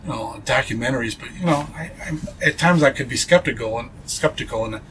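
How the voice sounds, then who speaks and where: A man's voice: medium pitch, brisk, a bit bright, slight background noise, poor audio. A man being interviewed as a paranormal investigator, telling a ghost story earnestly, with many fillers and restarts.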